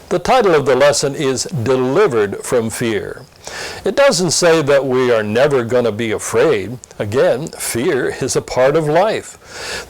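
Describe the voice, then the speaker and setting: A man presenting a scripted Sunday school lesson preview in an earnest, expressive teaching tone. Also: mid-range voice, poor audio. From Pennsylvania.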